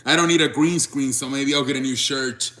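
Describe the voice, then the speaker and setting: Bright young man chatting on a live stream. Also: medium pitch, fairly even intonation, brisk. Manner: rambling, restarts, reads chat aloud. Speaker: sports show host. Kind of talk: casual live-stream chat with viewers.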